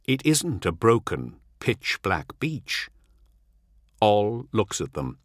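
A man giving a measured, dramatic audiobook narration. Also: lowish voice, sing-song, no room sound, clean studio sound.

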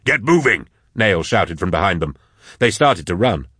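A man with a low voice narrating an action audiobook steadily and dramatically. The recording is dry and close, made in a studio booth. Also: lively intonation, normal speed, a bit bright, no room sound.

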